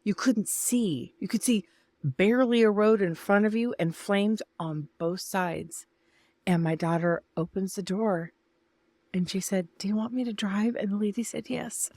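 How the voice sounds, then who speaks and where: A woman's voice: mid-range voice, measured pace, darkish tone, no echo. An older woman telling a personal story to camera in a chatty, emotional way, talking straight to her viewers. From Northern California. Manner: chatty and emotional, addresses viewers as "you guys" and "y'all". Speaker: vlogger.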